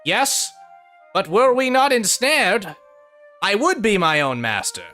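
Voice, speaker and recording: A man's voice: high-pitched, big pitch swings, takes it slowly, pushed and bright, faint music behind, pitched above the performer's own voice, full character voice. A man doing pompous stone golem guards. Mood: haughty. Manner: stiff, formal.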